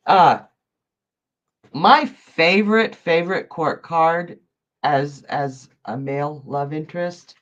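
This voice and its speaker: Speaking slowly with long pauses, a woman from Georgia with a low voice hosts a live psychic stream, reading viewer comments, chatting effusively and laughing often. The sound is lo-fi.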